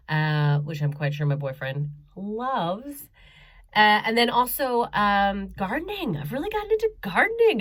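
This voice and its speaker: Chatty woman doing stand-up. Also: on the low side. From Canada. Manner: chatty, self-mocking, frequent laughs and ums. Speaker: stand-up comedian. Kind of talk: stand-up comedy set over video. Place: home bedroom.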